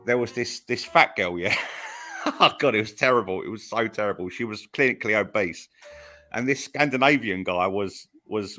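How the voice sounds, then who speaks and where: A man's voice: lowish voice, bright, forceful tone. A man on a podcast telling a long rambling story in casual chat, full of restarts and fillers. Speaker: podcast co-host.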